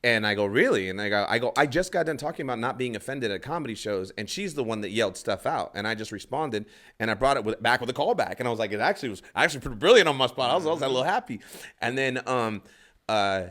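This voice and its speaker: A man's voice: medium pitch, lively intonation, fast, a bit bright. A man, a stand-up comedian, telling a rambling story in casual podcast talk, acting out other people's lines and swearing freely.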